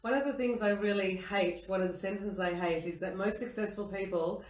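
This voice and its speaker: A woman's voice: mid-range voice, fairly quick. A woman hosting a casual dinner-table interview, speaking emphatically about her views. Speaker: host. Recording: roomy sound from a distant mic.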